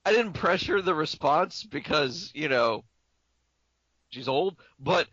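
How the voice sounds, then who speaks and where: A man's voice: a little high, animated, slow pace, a bit bright, no echo. A young man co-hosting a podcast in casual, joking chat, who likes to slip into silly voices. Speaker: podcast co-host. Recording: dull lo-fi podcast audio.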